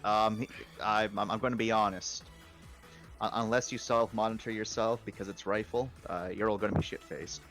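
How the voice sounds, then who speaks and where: A man narrating a tabletop game as game master, halting and stammering as he restarts his questions. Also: on the low side, steady tone, a bit bright, faint music behind.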